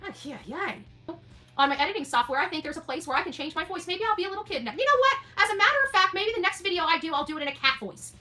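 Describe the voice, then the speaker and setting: A woman in her forties ranting on a livestream, loud, emphatic and combative. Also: very high-pitched, expressive, very fast, faint music behind. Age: 40s. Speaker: online streamer. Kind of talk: indignant livestream rant.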